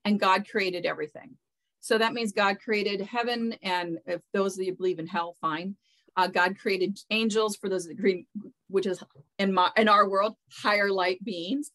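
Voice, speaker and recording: A woman's voice: mid-range voice, fairly bright tone, poor audio. A woman speaking as a spiritual mentor in an interview, earnest and loose, often repeating words as she searches for how to put things. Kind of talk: casual interview talk.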